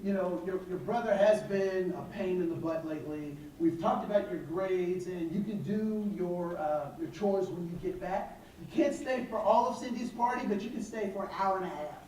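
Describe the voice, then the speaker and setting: A weary parent, as a man puts him on, talks lower and quieter than the storyteller's own voice, hesitant and conciliatory, reasoning gently with a teenager. The sound is very echoey and comes from far off in a hall, with a faint hiss underneath. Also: moderate pace, lightly acted. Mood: softening.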